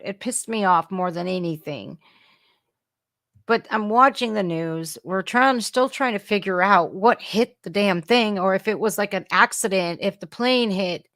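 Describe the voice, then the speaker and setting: A woman's voice: medium pitch, a bit bright, dry recording, clean studio sound. A woman in her forties hosting a casual political reaction livestream, blunt, profane and sarcastic. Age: 40s. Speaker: livestream host.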